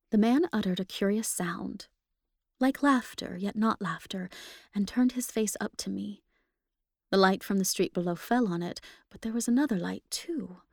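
A woman giving an expressive, emotional first-person reading of a ghost story for a podcast. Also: mid-range voice. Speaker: podcast reader.

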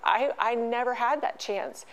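High-voiced middle-aged woman, halting storytelling. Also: poor audio. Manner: halting, emotional, with many restarts. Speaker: podcast guest. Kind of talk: personal storytelling in an interview.

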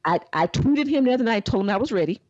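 A woman co-hosting a podcast, telling news in a casual, playful, deadpan way. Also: a little high, quick pace, dry recording, lo-fi sound. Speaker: podcast co-host. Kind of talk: casual comedic chat.

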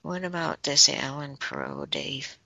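Slow, bright-voiced woman channeling messages. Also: deep voice, huge pitch swings, vocal fry, no echo. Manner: relays messages she says she is hearing. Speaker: channeler on a talk podcast. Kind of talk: casual channeling chat.

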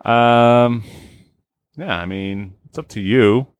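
Slow, teasing co-host, man. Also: medium pitch, clear, resonant tone, no room sound. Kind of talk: casual chat.

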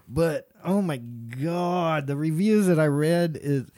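A man's voice: fairly high pitch, slow pace, warm tone, no room sound, studio quality. A man co-hosting a casual podcast, swearing freely and breaking into fits of laughter. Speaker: podcast co-host. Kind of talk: casual chat.

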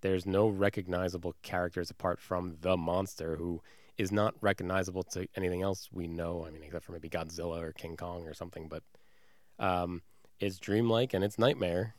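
A man with a very deep voice hosts a casual conversation. He sums up what he hears in a relaxed way and moves the talk on with questions. His voice sounds dry and close. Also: normal speed, no echo. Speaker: host asking questions. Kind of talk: casual chat.

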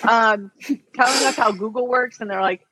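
A woman who works as an online reseller appears as a podcast guest, telling her story in a casual, chatty interview full of "like" and "um". Her voice is a little high, a bit bright and husky, at normal speed. The podcast audio is dull, lo-fi and dry, with no room sound.

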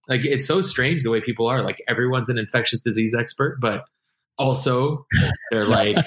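A man's voice: medium pitch, a little fast. A man in his forties chatting casually, telling stories and acting out what other people said. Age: 40s. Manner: animated storyteller, acts out other people's lines. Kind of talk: casual chat. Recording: roomy echo.

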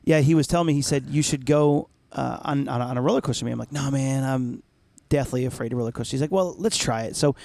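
A man around forty, chatting casually as a podcast co-host and telling a lively story. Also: mid-range voice, fast, creaky, few pauses, dry recording. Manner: animated storyteller, acts out voices and screams.

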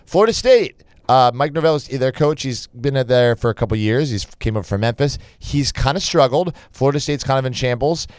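A man's voice: medium pitch, animated, a little fast, hardly any pauses, clear, resonant tone, no echo, studio quality. A young man co-hosting a casual sports betting podcast, rambling and restarting his sentences as he gives his picks. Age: young adult. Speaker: podcast co-host.

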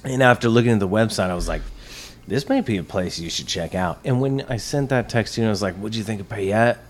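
A man's voice: lowish voice, fast talker, slight background noise. A man co-hosting a casual beer podcast, talking in a laid-back, rambling way. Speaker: podcast co-host. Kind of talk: casual chat.

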